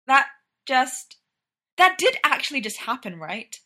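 A woman's voice: sits high, very animated, measured pace, bright, forceful tone, pitched above the performer's own voice, full character voice. A woman voicing a flustered young woman laced into a tight corset, whiny and exclamatory.

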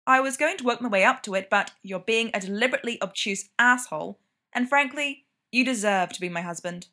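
A woman's voice: on the high side, a little fast, pushed and bright. A woman reading the lines of a blunt, exasperated young man who swears freely.

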